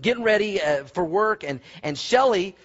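A man preaching a sermon, animated and folksy, telling stories with asides to the congregation. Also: high-pitched, moderate pace, highs cut off. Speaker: pastor.

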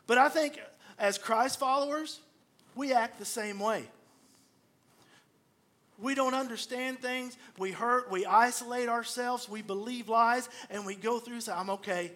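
A middle-aged pastor delivers a sermon in a voice pitched higher than most men's. He tells stories in an animated way, acting out the lines of the people in them. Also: measured pace. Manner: storytelling, animated, acts out quoted voices.

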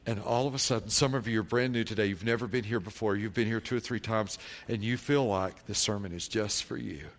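A man preaching a sermon as pastor, telling a story from his congregation and quoting its members, moving from quiet, low reflection to loud, drawn-out emphatic declarations.

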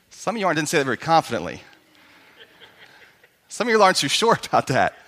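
Brief: high, bright male pastor, storytelling sermon, long reverb of a church hall. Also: huge pitch swings, fast talker, pauses often. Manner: conversational storytelling, calls to the congregation.

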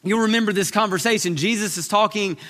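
A man preaching a sermon as pastor, animated, acting out the lines he quotes. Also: high-pitched, quick pace. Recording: reverberant hall.

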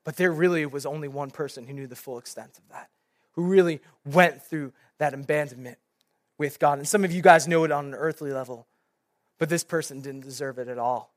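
A young man, a youth pastor, preaching a sermon in an animated storytelling way, with many casual fillers. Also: a little high, brisk, no echo, clean studio sound.

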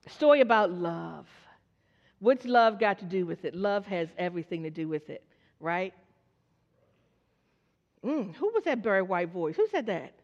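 This preacher has a mid-range, animated voice at normal speed, and she pauses often. In a church hall she draws her congregation into call-and-response with questions and acts out characters from her story in quoted voices. The dull lo-fi recording has long hall reverb.

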